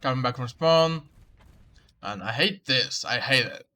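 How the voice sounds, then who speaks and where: A man's voice: medium pitch, lively intonation, unhurried, pushed and bright. A man coaching a player through a match replay, explaining tactics and repeating key advice. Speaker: game coach reviewing a match. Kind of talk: coaching commentary over gameplay.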